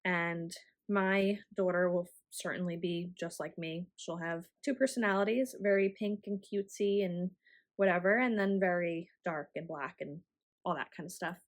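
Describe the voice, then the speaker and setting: A woman around thirty chatting casually as a knitting vlogger, rambling with frequent ums and laughing warmly now and then. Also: fairly low pitch, normal speed. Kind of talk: casual chat.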